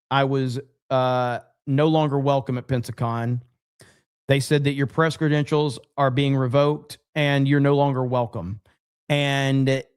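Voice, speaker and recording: A man's voice: medium pitch, clean tone. A man hosting a casual livestream podcast, telling stories bluntly and with plenty of swearing. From USA. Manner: blunt, profane, animated storytelling. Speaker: podcast host.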